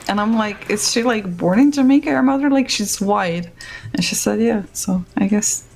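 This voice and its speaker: Gravelly-voiced woman. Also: mid-range voice, moderate pace, a little hiss or hum, poor audio. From Slovenia. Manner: animated, acts out quotes, laughs. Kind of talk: casual chat.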